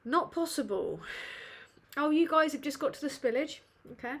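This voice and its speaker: A woman's voice: high voice, expressive, normal speed. A woman from England, hosting a live Q&A in a sweary, self-mocking, rambling way. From northern England. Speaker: livestream host. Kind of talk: casual live Q&A chat.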